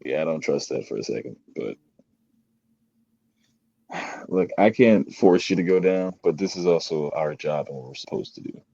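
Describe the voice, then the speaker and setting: A man playing a tabletop role-playing game, speaking in character with expressive delivery. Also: extremely low pitch, moderate pace, vocal fry, pauses often, dry recording, muffled recording. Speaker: player.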